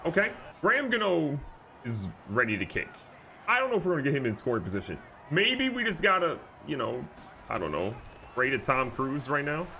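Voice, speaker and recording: A man giving excitable, jokey live commentary over a football video game, moving from calm play calling to loud outbursts. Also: on the high side, fairly quick, creaky, slight background noise. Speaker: gaming YouTuber.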